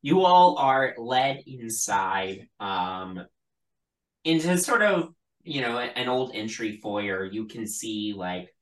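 A man's voice: mid-range voice, big pitch swings, slow pace, roomy sound, recorded from a distance, rough recording. A man running a tabletop game as game master, narrating unhurriedly with many fillers.

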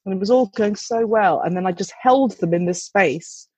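Husky-voiced mum telling a candid story. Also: female voice, medium pitch, normal speed, dark tone, no room sound, poor audio. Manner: candid, chatty storytelling with swearing and restarts. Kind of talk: casual anecdote.

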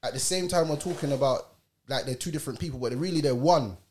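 A man in a relaxed group chat who lays out his thoughts in a steady, reflective way. A faint hiss of noise sits behind his voice. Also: fairly high pitch, fast.

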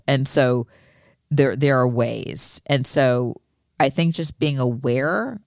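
A woman's voice: rumbling low, takes it slowly, gravelly, dry recording, clean studio sound. A middle-aged woman co-hosting a podcast in casual chat, earnest and emotional, with many fillers. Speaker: podcast co-host.

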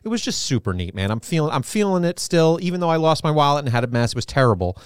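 Animated joking male podcast co-host. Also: fairly high pitch, fast, clean tone, no room sound, studio quality. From Saugerties, New York. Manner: animated, joking, self-mocking. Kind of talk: casual podcast chat.

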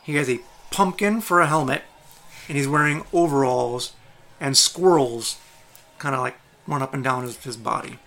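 A man narrating a tabletop game as game master, describing the scene in a relaxed way. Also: mid-range voice, normal speed.

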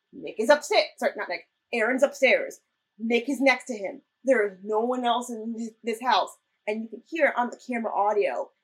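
Husky-voiced young woman, chatty. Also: on the high side, poor audio. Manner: animated, laughing, retells scenes in quoted voices. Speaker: podcast co-host. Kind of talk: casual chat recapping a ghost-hunting show.

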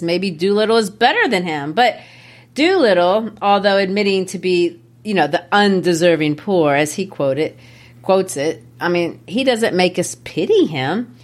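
A woman co-hosting a casual discussion of a play, analytical and amused as she explains it. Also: fairly low pitch. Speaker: podcast co-host discussing a play.

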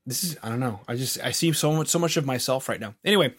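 A man's voice: on the high side, expressive, racing, few pauses, fairly bright tone. A Canadian man with a Canadian accent hosting a rock podcast interview, talking in a playful, rambling, joking way. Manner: playful, rambling, self-mocking. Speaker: podcast host. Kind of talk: casual interview chat.

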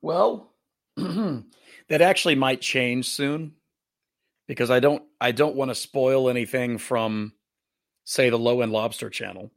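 Male interview guest, gravelly voice, easygoing and halting, dry humor, casual chat. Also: mid-range voice. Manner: laid-back, hesitant, many fillers, dry humor. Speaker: guest musician.

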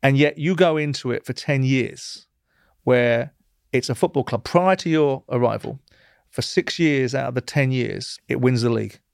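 A man's voice: medium pitch, normal speed, creaky, clean tone, no echo, clean studio sound. A man hosting an interview, blunt and challenging, pushing back on his guest. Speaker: host. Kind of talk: interview and debate.

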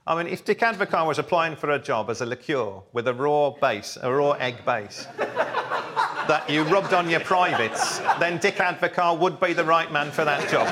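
A man's voice: fairly high pitch, measured pace, pauses often, heavy background noise. A man riffing as a guest on a comedy football panel, full of wordplay. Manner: wordplay jokes, animated delivery.

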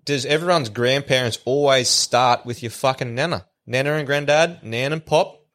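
A man's voice: mid-range voice, moderate pace, a bit bright. An Australian man telling crude jokes and stories on a podcast, swearing constantly in broad slang. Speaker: podcast guest. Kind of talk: casual joke telling and banter.

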